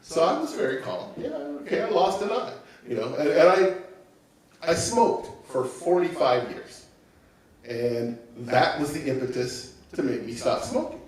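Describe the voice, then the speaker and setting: Calm man in his sixties, echoey hall. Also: mid-range voice, a little slow. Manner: calm, reflective storytelling. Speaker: guest speaker. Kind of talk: personal testimony. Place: church sanctuary. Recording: very echoey room, mic at a distance.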